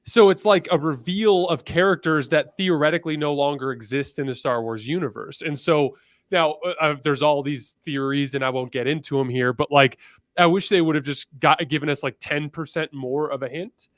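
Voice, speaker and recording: Animated man, dry close sound. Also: on the high side, normal speed, dry recording. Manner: animated, acts out quoted characters. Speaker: podcast guest. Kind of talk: casual podcast chat.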